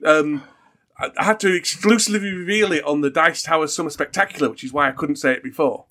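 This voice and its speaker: A man's voice: a little high, fast talker, bright, forceful tone. A man from Australia, a board game designer, teasing and mock-indignant in casual podcast chat.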